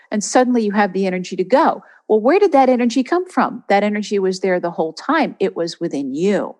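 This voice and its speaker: A woman's voice: mid-range voice, a little fast, hardly any pauses, darkish tone. A woman podcast host and reverend giving an earnest spiritual teaching and leading a guided meditation. She often repeats words for emphasis.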